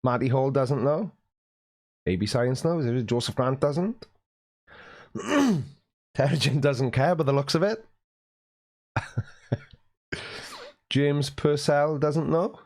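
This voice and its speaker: Welsh male streamer, chatty and teasing, reads chat aloud, frequent throat-clearing. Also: medium pitch, takes it slowly, pauses often, a little mellow. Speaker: live stream host. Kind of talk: casual live stream chat, reading out viewer comments. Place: warm room at home, at his desk.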